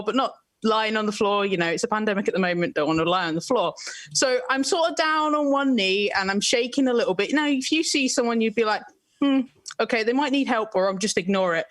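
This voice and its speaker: Dry, deadpan woman. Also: a little high, no room sound. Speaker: comedian panelist. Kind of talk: comedic storytelling on a live stream.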